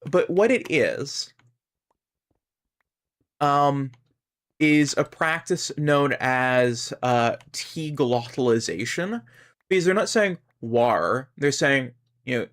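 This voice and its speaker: A man's voice: mid-range voice, expressive, slow, a bit bright. A man with a Canadian accent chatting casually while streaming a game, rambling and musing aloud. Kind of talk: casual gaming stream chat.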